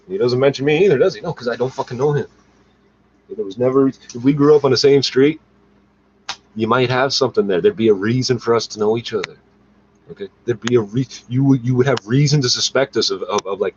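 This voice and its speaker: A man in a rambling, agitated, profane monologue to his camera, recorded on the device's own mic. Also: medium pitch. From Canada. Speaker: vlogger. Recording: dull lo-fi with faint noise.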